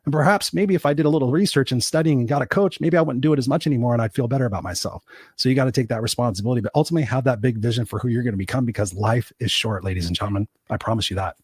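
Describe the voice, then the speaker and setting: A man's voice: medium pitch, racing, darkish tone, breathy edge, no echo. A man telling a personal story as a podcast guest and motivational coach, emphatic and speaking straight to the listeners. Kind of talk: storytelling interview talk.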